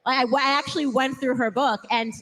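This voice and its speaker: High-voiced woman telling an emphatic story. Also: steady tone, a little fast, fairly bright tone, rough recording. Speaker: panelist. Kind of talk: animated political panel talk.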